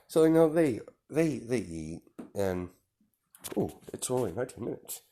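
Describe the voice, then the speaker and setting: A man's voice: medium pitch, sing-song, normal speed, mellow. A man telling an improvised fan story in a casual, rambling way, with many restarts.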